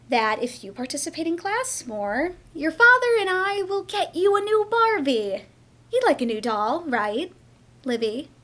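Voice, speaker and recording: A nagging, exasperated mother on stage, played by a woman. Her high, bright voice swoops widely as she coaxes and then snaps. She drags each demand out slowly. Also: exaggerated voice. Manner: nagging, swings between coaxing and shouting. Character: pushy exasperated mother scolding a silent daughter. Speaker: stage actor. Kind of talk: theatre monologue.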